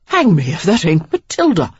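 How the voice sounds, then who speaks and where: A reader voicing eager young gentlemen who gossip excitedly and loudly. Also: mid-range voice, normal speed, husky, no room sound, dull audio.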